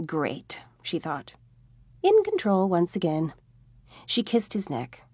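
A woman reads a comic novel aloud in a wry, expressive voice. Her pitch rises and falls a lot as she shapes each sentence. The recording is close and dry, with no room echo. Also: slow pace, breathy edge. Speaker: audiobook narrator. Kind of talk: scripted narration.

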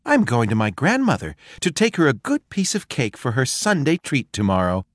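A man voicing a sweet, innocent little girl in a high, chirpy voice. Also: huge pitch swings, moderate pace, no room sound, clean studio sound.

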